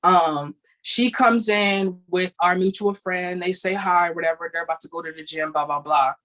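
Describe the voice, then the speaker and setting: A woman's voice: fairly low pitch, normal speed, low-quality recording. A young woman hosting a podcast, telling a personal story bluntly, with swearing and quoted dialogue. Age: young adult. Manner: blunt, profane, animated retelling with quoted dialogue. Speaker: podcast host. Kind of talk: candid storytelling.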